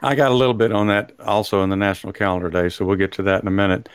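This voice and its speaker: A man's voice: fairly low pitch, racing, clear, resonant tone, dry recording. Man, Texan accent, show host, rambling chat, chuckling, dry close sound. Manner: rambling, chuckles often, hesitant with fillers. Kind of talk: casual podcast chat.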